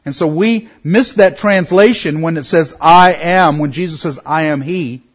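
A middle-aged man teaching a Bible study in an earnest way, slowing down to stress key words. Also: on the high side.

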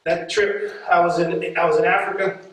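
A man preaching a storytelling sermon, lively and laughing often as he acts out voices. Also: high voice, normal speed, a little hiss or hum. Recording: echoey hall, mic far off.

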